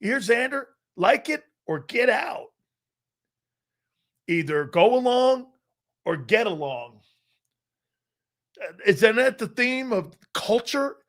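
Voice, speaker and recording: A man hosting a live football talk show, bantering loudly, laughing and swearing as he riffs. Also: very high-pitched, slow, pauses often. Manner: animated, laughing, bantering, profane. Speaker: sports talk show host.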